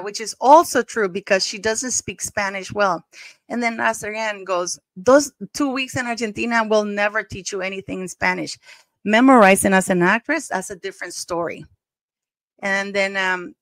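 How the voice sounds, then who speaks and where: A woman's voice: medium pitch, fairly bright tone, no room sound. A woman hosting a casual commentary video, reading out online comments with chatty asides and frequent laughter. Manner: chatty, laughs often, stumbles and restarts. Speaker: commentary channel host.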